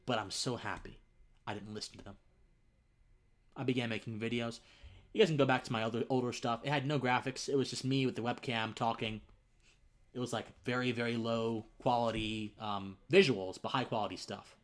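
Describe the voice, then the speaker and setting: Steady in tone, medium-pitched, and brisk, a young livestream host tells an earnest personal story. Partway through he becomes choked up and teary, and his voice drops nearly to a whisper.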